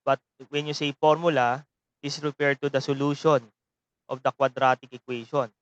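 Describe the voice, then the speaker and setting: A man's voice: medium pitch, little pitch movement, moderate pace, no echo, dull audio. A man with a Filipino accent lecturing an online seminary math class, rambling and tagging phrases with a questioning "no?". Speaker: seminary mathematics teacher.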